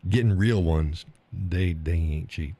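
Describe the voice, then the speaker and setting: A man's voice: deep voice, takes it slowly, dark tone. A man hosting a live stream, chatting casually about viewer comments, rambling, repeating himself and chuckling often.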